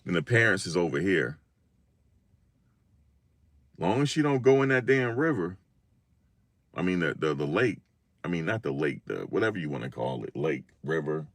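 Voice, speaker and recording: A man from Virginia hosts a casual live stream. His voice sits very low, and he talks in slang, acting out the lines of the people in his stories. The sound is dry and close. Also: normal speed, pauses often, dry recording. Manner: animated slangy storytelling, acts out quotes.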